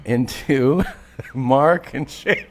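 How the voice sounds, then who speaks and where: A man's voice: medium pitch, extremely slow, crowd noise. A man co-hosting a podcast, telling a story in casual chat, swearing freely and laughing often. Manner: animated anecdote teller, swears, laughs often. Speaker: podcast co-host.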